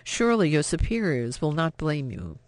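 A man's voice: on the high side, very animated, normal speed, no echo. A man voicing a frightened young French woman who hides a secret, speaking in a pleading, breathless way. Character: anxious French woman hiding airmen, frightened.

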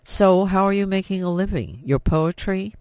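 A man voicing a headstrong young woman of nineteen, impassioned and sharp as she stands up to her father. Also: high voice, normal speed, clear, resonant tone, dry recording, voice pushed up. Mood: defiant.

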